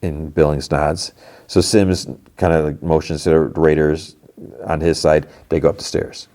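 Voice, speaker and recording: A man's voice: rumbling low, level tone, measured pace, dark tone. A man hosting a podcast, recapping a TV episode in a loose, rambling way. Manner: loose and rambling, lots of "like" and restarts. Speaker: podcast host.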